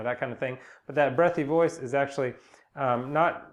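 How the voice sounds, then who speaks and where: Relaxed man teaching singing. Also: medium pitch, moderate pace. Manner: relaxed, rambling, many fillers and restarts. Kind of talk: casual spoken vocal lesson with sung demonstrations.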